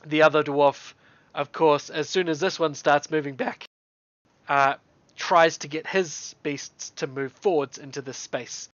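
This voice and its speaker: A game master, relaxed and quick to laugh, narrating a tabletop game. The recording is dull and dry, with a lo-fi edge and no room sound. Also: mid-range voice, dry recording.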